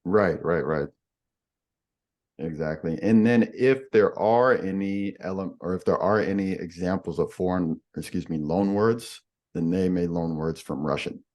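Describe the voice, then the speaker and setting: A man's voice: low voice, unhurried, darkish tone. A man explaining language differences in a podcast conversation, patient and giving examples as he goes.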